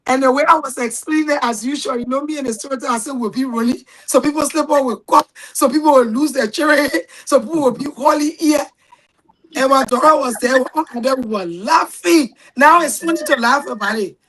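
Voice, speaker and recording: A middle-aged woman with a Liberian accent, a guest telling animated stories in casual talk and raising her voice for the people she quotes. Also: high voice, a little fast, poor audio. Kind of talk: casual storytelling.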